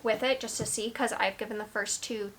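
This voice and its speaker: A woman's voice: medium pitch, fairly even intonation, a little fast, a bit bright, a little hiss or hum. A young woman talking casually to camera about her books, rambling with lots of "like" and trailing restarts. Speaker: book vlogger. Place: at home.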